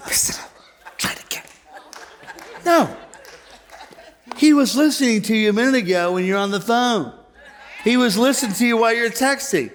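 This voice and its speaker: Male pastor, sermon, upper voice with very animated swings, playful crowd banter. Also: very high-pitched, normal speed, pauses often. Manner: animated, humorous, conversational preaching. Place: church auditorium.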